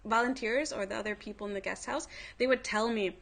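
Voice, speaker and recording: A woman's voice: on the high side, fairly quick, gravelly, a bit bright. A woman hosting a livestream, telling a story in a casual way, full of "like" and other fillers. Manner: chatty, filler-heavy, frequent "like". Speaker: livestream host.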